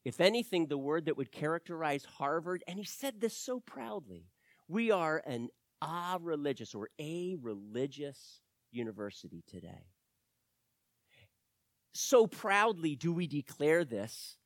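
A male pastor delivering a sermon with a slightly raised voice. He swings from low, quiet stretches to loud, emphatic declarations. The sound is dry and close, with little room echo. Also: big pitch swings, a little slow. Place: church.

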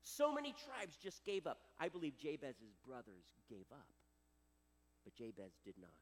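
A man preaching a sermon as a pastor, dramatic and animated. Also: mid-range voice, normal speed, in a large hall.

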